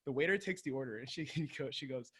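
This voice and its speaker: A man hosting a casual chat, an animated storyteller who laughs often. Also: medium pitch, fast talker, husky.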